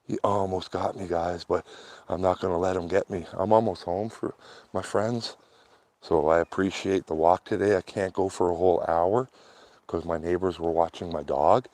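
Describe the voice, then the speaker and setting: A man with a very low, deep voice rambles casually to his viewers as he walks outdoors along a quiet street. He talks in a loose, chatty way and sounds warm and a little sweaty from walking. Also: steady tone, moderate pace, no room sound. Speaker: vlogger. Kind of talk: casual chat while walking.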